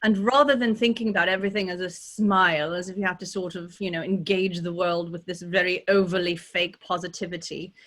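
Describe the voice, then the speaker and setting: A woman with a Californian accent, teaching as a dialect coach and demonstrating sounds in a lively way, often checking in with "right?". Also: on the low side, brisk, few pauses. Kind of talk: teaching pronunciation in a workshop.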